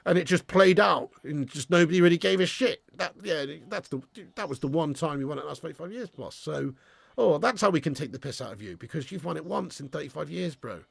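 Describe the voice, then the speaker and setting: A man hosting a live football watch-along, sweary and ranting, bantering with viewers in the chat and shouting at chances on goal. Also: on the high side, expressive, a little fast, creaky, slightly rough, no room sound. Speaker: fan channel host.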